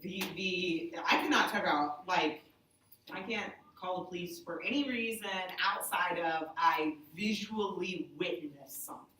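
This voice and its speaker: A woman who works as a sign language interpreter, telling stories to a group in a chatty, animated way with lots of "like". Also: lowish voice, a little slow, a little hiss or hum. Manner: animated, chatty, heavy use of "like". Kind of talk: casual storytelling to a group. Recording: echoey room, voice from far off.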